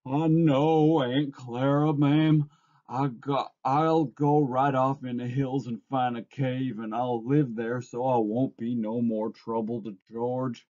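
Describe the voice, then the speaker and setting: A man's voice: mid-range voice, steady tone, takes it slowly, a little mellow, natural voice. A man voicing a simple-minded big man, childlike and pleading, in a story read aloud. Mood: grieving. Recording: dull lo-fi recording.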